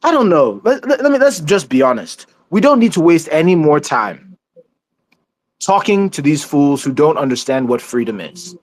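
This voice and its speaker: A man with a notably high voice speaks in a forceful, preaching manner. He is heard up close, dry and without room sound, as he gives an impassioned political speech in an online discussion. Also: very animated, moderate pace, dry recording.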